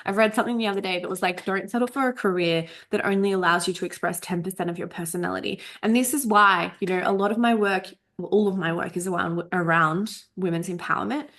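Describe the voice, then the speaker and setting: A coach in her thirties runs a casual spoken podcast workshop, chatty and emphatic, swearing freely, stumbling over words and a bit coughy. Her mid-range voice is fast with few pauses and a little bright. She's recorded on a desk USB microphone over Zoom.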